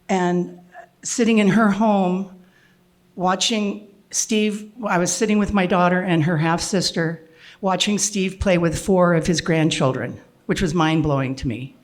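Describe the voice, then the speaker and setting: An older woman telling a personal story to an audience, with frequent restarts and throat clearing. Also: fairly low pitch.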